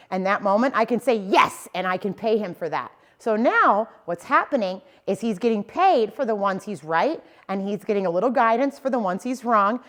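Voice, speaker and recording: A young adult woman teaching dog owners in an easygoing, conversational way. She explains each step plainly and keeps checking that her listeners follow. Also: mid-range voice. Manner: casual and explanatory, often checking in with "okay?" and "right?". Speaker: dog trainer. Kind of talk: instructional talk to dog owners.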